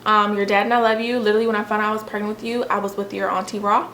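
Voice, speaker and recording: A woman's voice: mid-range voice, little pitch movement, racing, a bit bright, echoey room, slight background noise. A young woman and mother talking candidly in a confessional vlog, emotional and rambling with lots of fillers.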